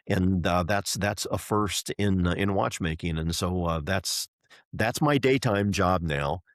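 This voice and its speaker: A middle-aged entrepreneur and race driver, speaking a little slowly in a lowish voice, animatedly tells a story on a podcast where he is a guest, imitating those he quotes. There's no echo, just clean studio sound.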